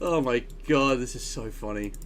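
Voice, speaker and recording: A man's voice: medium pitch, normal speed, a little hiss or hum. A man hosting a game stream, chatting casually and amused, with frequent laughs and wry asides. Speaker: streamer and channel host.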